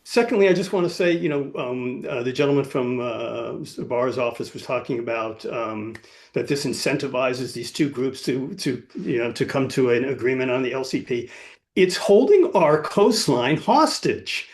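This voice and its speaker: A man's voice: medium pitch, normal speed. A man giving an earnest, firm public comment as a club member at a meeting. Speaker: club member asking a question.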